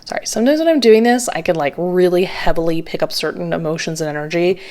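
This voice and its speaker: A woman giving a tarot reading to camera in a casual, chatty way, with lots of fillers and her pitch jumping up on stressed words. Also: fast talker, a little mellow. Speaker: tarot reader.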